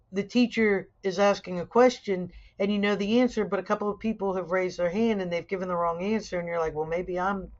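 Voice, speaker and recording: A middle-aged woman teaching sociology in a conversational video lecture, weaving personal stories with lively asides. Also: fairly low pitch, dull audio. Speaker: sociology instructor.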